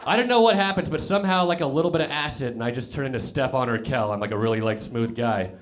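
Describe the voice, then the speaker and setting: On a comedy club stage with a handheld mic, a young man rambles through a stand-up story, heavy on fillers and punctuated by sudden loud outbursts. He talks fast in a mid-range voice, with audience laughter around him.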